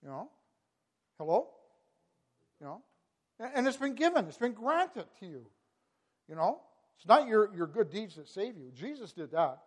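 A man's voice: sits high, very animated, moderate pace, long pauses, breathy edge. A man preaching a sermon, impassioned and repetitive, building to emphatic peaks. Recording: long hall reverb.

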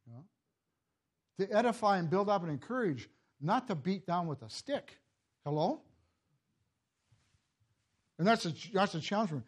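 An older man giving a sermon in a halting, repeating way, chuckling at his own family stories. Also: sits high, expressive, breathy edge. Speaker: preacher.

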